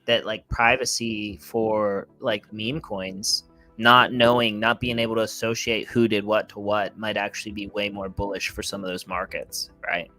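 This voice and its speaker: A man's voice: on the low side, flat delivery, normal speed, bright, forceful tone, faint music behind. A man co-hosting a casual crypto livestream, rambling and playful as he tells stories. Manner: loose, rambling, playful storytelling. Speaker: crypto show co-host.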